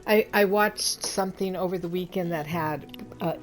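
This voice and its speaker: A woman chatting casually before a game stream, teasing and halting with fillers. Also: lowish voice, over music. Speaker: co-host and player.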